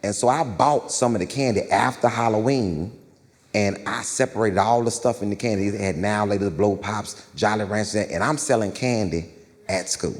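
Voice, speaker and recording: A man's voice: on the low side, moderate pace, long reverb tail. A male stand-up comedian telling a story on stage, loose and slangy, checking in with the crowd.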